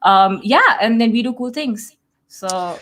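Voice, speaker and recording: A sassy woman co-hosting a live developer chat over a video call. Her voice is a touch high. She quips and rattles off her lines. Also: animated, a bit bright. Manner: sassy, jokey, rapid-fire. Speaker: guest co-host. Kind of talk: casual live-stream chat.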